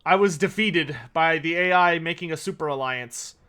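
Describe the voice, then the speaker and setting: A man's voice: fairly high pitch, moderate pace, sharp tone, clean tone. A man streaming a strategy game, chatting casually, thinking aloud and answering viewer questions. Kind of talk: casual gameplay livestream commentary.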